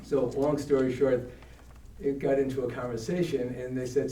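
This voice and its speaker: A man's voice: mid-range voice, normal speed, reverberant, recorded from a distance, low-quality recording. Older New York man telling stories. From Brooklyn, New York. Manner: animated, acts out the voices of people in his stories. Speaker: guest speaker. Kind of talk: storytelling talk. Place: church hall.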